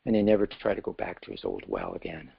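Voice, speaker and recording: A man's voice: low-pitched, very animated, fast, gravelly, slightly rough, no echo. A man giving a scripture class, telling a story in a casual way with many fillers. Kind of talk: storytelling lecture. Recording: dull lo-fi class recording.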